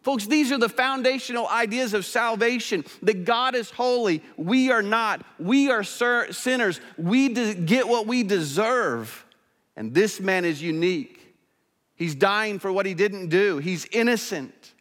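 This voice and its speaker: A male pastor delivering a sermon in a church, earnest and swinging between emphatic and hushed. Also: high-pitched, lively intonation, a little slow. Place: church sanctuary. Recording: church hall reverb.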